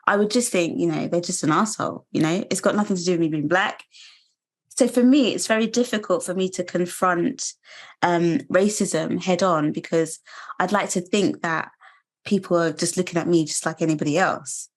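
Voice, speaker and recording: Guest voice: British woman, thirties, slightly low, earnest and measured. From United Kingdom. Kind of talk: personal testimony interview.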